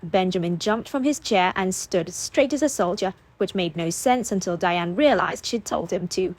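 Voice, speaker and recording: A woman reading a novel aloud as an audiobook narrator, steady and expressive. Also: fairly low pitch, normal speed, few pauses.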